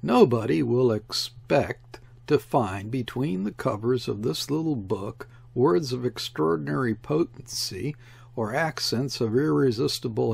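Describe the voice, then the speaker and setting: A man reading a literary memoir aloud as an audiobook narrator, in a measured, reflective way with lingering phrases. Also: medium pitch, vocal fry, darkish tone, breathy edge, dry recording. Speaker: audiobook reader.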